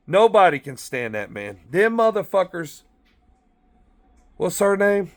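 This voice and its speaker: Lively, profane man ranting in a car. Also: high voice, moderate pace, pauses often. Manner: profane, blunt, animated storytelling. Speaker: former corrections officer. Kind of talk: casual rambling monologue. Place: inside a car.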